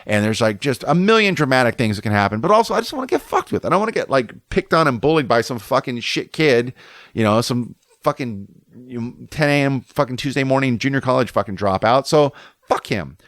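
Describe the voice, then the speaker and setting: A man's voice: mid-range voice, lively intonation, fairly quick, a bit bright, no echo, clean studio sound. A man in his thirties from Southern California, hosting a solo podcast and telling a story in a worked-up, heavily profane way. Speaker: podcast host.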